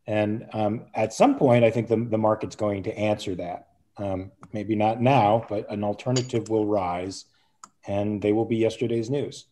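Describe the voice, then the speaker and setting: A man speaking as a guest on a casual panel, measured and opinionated. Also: fairly low pitch, steady tone, dark tone.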